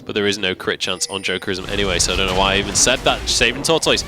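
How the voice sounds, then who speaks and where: A man doing live play-by-play commentary on an esports match, climbing to excited shouts when fights break out. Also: lowish voice, fast, noisy background. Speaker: esports caster.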